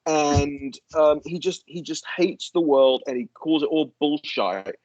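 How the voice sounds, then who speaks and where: A man's voice: on the high side, measured pace, darkish tone, no echo, muffled recording. A man as a guest in a casual political chat, ranting animatedly and swearing freely.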